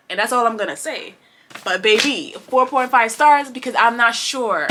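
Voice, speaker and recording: A woman chatting to camera about books she read, rambling with many fillers and restarts, passionate and expressive. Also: on the high side, normal speed, slight background noise. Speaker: booktuber. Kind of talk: casual chat to camera.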